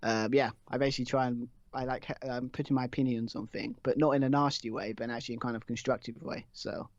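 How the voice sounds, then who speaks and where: A man's voice: medium pitch, steady tone, fast talker, dry recording, muffled recording. A man, a podcast guest chatting casually and rambling, with many fillers and restarts. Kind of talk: casual chat.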